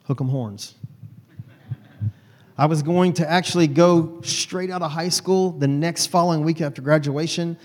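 A man telling a personal story to an audience in a folksy, animated way. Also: on the high side, unhurried. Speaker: speaker.

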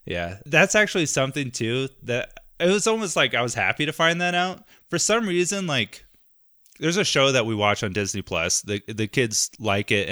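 Animated man with a bright, dry voice. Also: mid-range voice, dry recording. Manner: animated, laughs often, trails off into mumbles. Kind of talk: casual chat.

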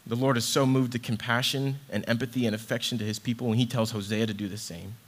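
Brief: man, mid-pitched, heartfelt devotional reading, repeats himself while reaching for words. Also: fairly even intonation, fast talker. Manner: earnest, heartfelt, repeats words as he searches for them. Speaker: church ministry associate director. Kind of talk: devotional scripture reading and reflection.

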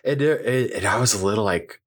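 A man hosting a podcast, telling an embarrassing story in casual chat with animated, self-mocking delivery. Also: on the low side, brisk, slight background noise. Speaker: podcast host.

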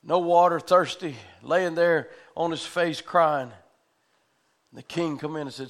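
A man's voice: on the high side, a little slow, a bit bright. A man preaching a sermon in a church, telling a story with fervent conviction.

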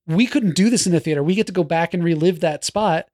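A high-pitched man in his forties chatting casually on a podcast. He talks in an animated way, starting over mid-sentence and tossing off playful jabs. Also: quick pace. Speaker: podcast co-host. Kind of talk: casual chat.

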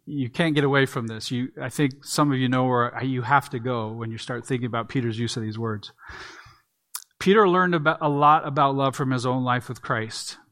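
A man's voice: mid-range voice, steady tone, moderate pace, fairly bright tone. A man preaching an earnest expository sermon, leaning on emphatic repeats. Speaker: pastor.

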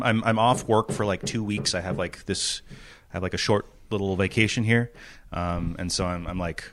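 A man co-hosting a podcast in casual chat, halting with many restarts and joking around. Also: lowish voice, a bit bright, slight background noise. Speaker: podcast co-host.

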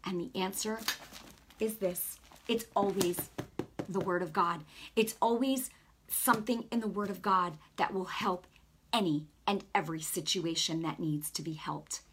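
A woman's voice: lowish voice, a little slow, slight background noise. A middle-aged woman giving an earnest, conversational sermon, telling a personal story with lots of casual asides. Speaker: preacher.

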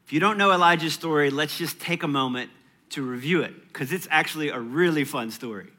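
A man's voice: fairly high pitch, a little fast, sharp tone. A man in his thirties preaching a sermon in a church, conversational and playful, with chatty asides. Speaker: pastor.

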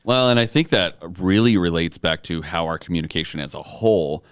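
Man, very low voice, smooth and clear, dry close sound, chatty, laughs easily. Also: lively intonation, a little fast, no echo. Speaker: co-host. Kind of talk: casual conversation.

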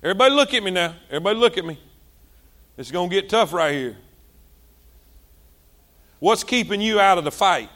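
A male pastor, preaching a sermon with passion, repeating himself and swinging between loud and soft. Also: high voice, expressive, fairly quick, long pauses.

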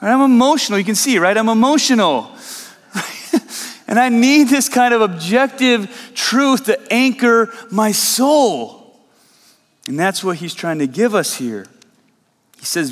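A man's voice: high voice, lively intonation, unhurried, pauses often, big-room sound. A man preaching a sermon as a pastor, earnest and emphatic, often asking the listeners "right?". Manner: earnest, emphatic, repeats questions and asks "right?".

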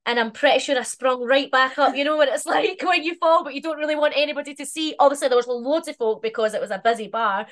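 A woman's voice: high voice, quick pace, hardly any pauses. Chatty, reflective podcast host, a woman. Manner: chatty, reflective, laughs easily. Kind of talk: casual chat.

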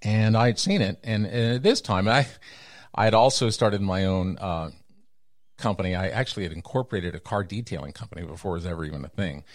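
Low-voiced man telling lively stories. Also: a little fast, no echo, clean studio sound. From Texas. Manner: animated, acts out quoted voices with big pitch jumps. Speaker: guest storyteller. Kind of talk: casual storytelling interview.

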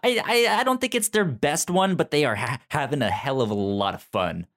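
A man hosting a casual video game podcast, talking in halting bursts with many restarts and frequent laughs. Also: mid-range voice, lively intonation, a bit bright. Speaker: podcast host. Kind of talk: casual chat.

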